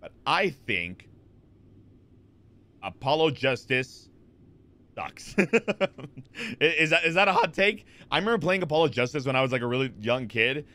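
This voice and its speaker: A man's voice: medium pitch, very animated, moderate pace, pauses often, sharp tone. A man in his twenties chatting casually on a live stream, rambling with lots of fillers and restarts as he answers chat.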